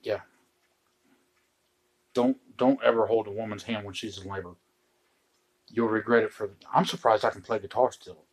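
A middle-aged man telling true stories from home in a casual chat, with dry, deadpan joking asides. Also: fairly low pitch, moderate pace, pauses often.

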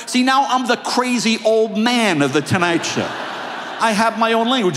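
A man in his sixties accepting an award on a large theater stage, telling comic stories in an animated, jokey way. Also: very high voice, moderate pace, slight background noise. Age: 60s. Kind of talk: stand-up storytelling. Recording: long reverb of a large theater.

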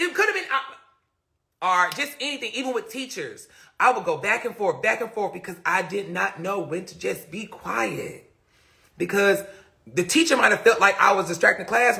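His voice is high, creaky, and sharp as he hosts a live stream from his phone indoors. The young man talks casually and rambles, often fading into mutters and self-questioning, in a reflective mood captured by the phone's microphone.

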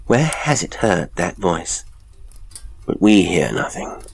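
A man voicing a high-strung professor in a high, sharp voice, pressing his questions insistently. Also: sing-song, slow, vocal fry, slight background noise, full character voice. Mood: agitated. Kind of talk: audiobook character voice.

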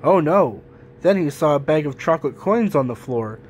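A man reading a children's picture book aloud in a gentle, even storytelling manner. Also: a little high, fairly quick, slight background noise. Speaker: storybook reader.

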